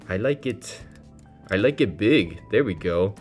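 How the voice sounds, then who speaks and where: A man casually reviewing a model kit, playful and self-deprecating, with frequent excited exclamations. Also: on the low side, unhurried, husky, soft background music. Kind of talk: casual hands-on product review.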